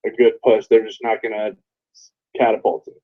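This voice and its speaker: A man's voice: lowish voice, level tone, normal speed, phone-quality sound. A man co-hosting a casual wrestling podcast, blunt and swearing freely. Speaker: podcast co-host.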